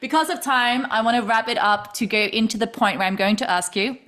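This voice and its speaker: A woman hosting a relaxed interview chat, animated and laughing easily as she acts out what people said. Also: fairly high pitch, a little fast. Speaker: podcast host and yoga teacher.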